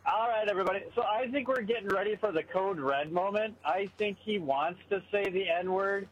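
A man's voice: high voice, normal speed, dull audio. A man calling in to a talk radio show, ranting in an opinionated, rambling way. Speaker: caller. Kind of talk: phoned-in political rant.

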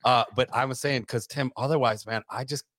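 A man's voice: medium pitch, fairly even intonation, brisk, fairly bright tone, no echo, clean studio sound. A man, a teacher co-hosting a radio talk show, wry and joking. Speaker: teacher co-host.

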